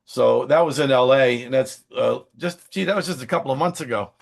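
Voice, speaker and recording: A man who sings and acts, telling chatty, animated anecdotes in a casual interview. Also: medium pitch, fairly quick, vocal fry. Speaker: singer, songwriter and screen actor.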